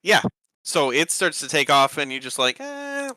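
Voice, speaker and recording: Bright-voiced man as game master. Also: mid-range voice, normal speed, slight background noise. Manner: rambling, many fillers. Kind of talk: narrating a tabletop game.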